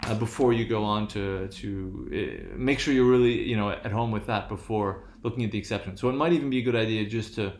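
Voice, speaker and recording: A man's voice: fairly low pitch, a little fast, hardly any pauses, a little mellow, roomy sound. A man teaching a recorded lesson from his room, talking with many restarts and adding "right?" after nearly every point. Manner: hesitant, restarts often, keeps checking with "right?". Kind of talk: recorded lecture on English stress.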